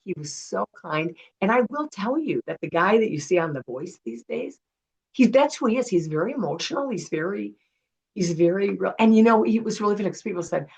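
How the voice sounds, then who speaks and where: A middle-aged woman with a gravelly, husky voice tells stories as an interview guest. She talks in an animated way and acts out the people she quotes. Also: medium pitch, a little fast, low-quality recording. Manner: animated storyteller acting out quotes. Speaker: guest, retired television producer. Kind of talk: casual storytelling interview.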